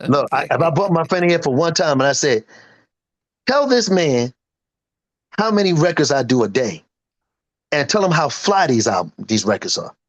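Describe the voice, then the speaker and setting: Pitched fairly high and very animated, a man in his fifties talks at a moderate pace with frequent pauses, over rough audio. He is a singer and producer being interviewed casually, and he boasts emphatically while acting out what his friends said.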